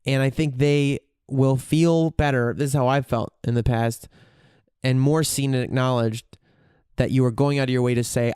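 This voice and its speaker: A man's voice: medium pitch, measured pace, a little mellow, clean tone, no room sound, studio quality. A man hosting a solo podcast, talking candidly and profanely as he thinks aloud, often restarting his sentences. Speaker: podcast host. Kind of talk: reflective solo podcast monologue.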